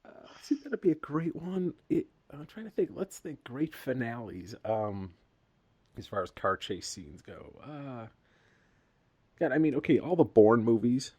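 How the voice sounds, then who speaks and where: Animated man in a dry room. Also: mid-range voice, unhurried, breathy edge, no room sound, lo-fi sound. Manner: animated, jokes in put-on announcer lines. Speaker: podcast co-host. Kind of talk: casual chat.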